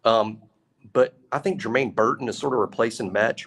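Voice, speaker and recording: A man co-hosting a sports talk show, talking in an animated, emphatic way with a lot of repetition. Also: mid-range voice, moderate pace, slight background noise. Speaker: co-host.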